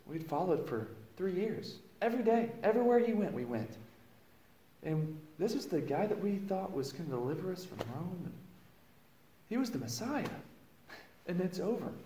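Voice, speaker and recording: Man, pastor, dramatic first-person sermon, fairly high voice, roomy echo. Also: big pitch swings, moderate pace, pauses often, a little hiss or hum. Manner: storytelling, swings from hushed to loud exclamations. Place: church sanctuary.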